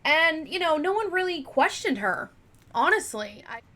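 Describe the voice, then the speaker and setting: A woman's voice: high-pitched, big pitch swings, normal speed, pushed and bright. A woman hosting a true crime channel, telling a case in a casual, rambling way with lots of fillers and asides, her voice a little cracking. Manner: chatty and rambling, with many fillers. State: slightly cracking voice.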